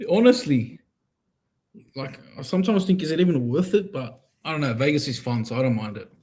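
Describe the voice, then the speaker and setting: A man's voice: on the high side, lively intonation, fairly quick, darkish tone, a little hiss or hum. A young Australian man co-hosting a sports podcast, chatting in an easygoing, joking way. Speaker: podcast co-host. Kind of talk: casual chat.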